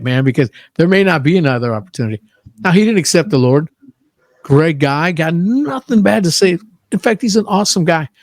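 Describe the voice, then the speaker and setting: A man's voice: on the high side, darkish tone, dry recording, clean studio sound. A man in casual podcast chat, telling stories and acting out quotes with enthusiasm. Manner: storytelling, acts out quotes with a lot of enthusiasm.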